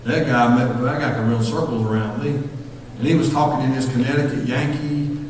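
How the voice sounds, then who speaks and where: A man with a Southern US accent preaching a sermon as pastor, talking fast and telling stories with acted-out voices. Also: medium pitch, fairly even intonation, a little mellow, a little hiss or hum. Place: church sanctuary. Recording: echoey hall, far from mic.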